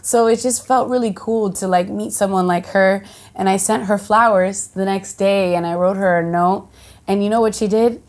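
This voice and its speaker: An actress from the United States of Dominican heritage, chatting casually in an interview, full of fillers and restarts and lively quoted voices. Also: female voice, mid-range voice, normal speed. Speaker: actress and singer, guest.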